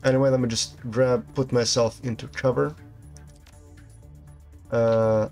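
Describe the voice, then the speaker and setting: A man's voice: mid-range voice, steady tone, takes it slowly, vocal fry, long pauses, darkish tone, faint music behind. Casual man narrating a game playthrough. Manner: casual, reads game text aloud and reacts to the action. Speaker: gameplay commentator. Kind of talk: game playthrough, reading dialogue aloud.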